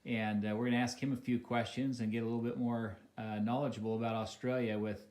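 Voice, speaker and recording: An American man interviewing a friend in a home for a casual home video, speaking haltingly with many fillers and restarts. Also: mid-range voice, level tone, darkish tone, slight background noise. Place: living room of a home.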